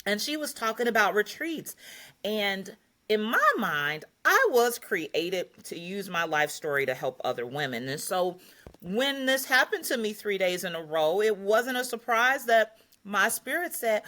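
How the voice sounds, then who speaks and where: An older woman as a podcast guest, telling her story in a lively way, acting out quotes and laughing often. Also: medium pitch, moderate pace. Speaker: podcast guest, retreat host. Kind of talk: casual interview storytelling.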